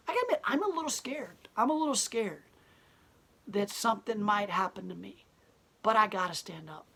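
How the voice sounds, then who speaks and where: A woman's voice: mid-range voice, fairly bright tone. A woman who owns a gallery speaks bluntly and defiantly in an impassioned interview monologue. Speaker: gallery owner and protester.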